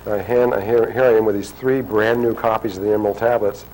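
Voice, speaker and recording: A man's voice: fairly low pitch, level tone, fast talker, darkish tone, slight background noise, rough recording. A man telling a long personal story to an audience, rambling and acting out quotes. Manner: rambling, restarts often, acts out quotes.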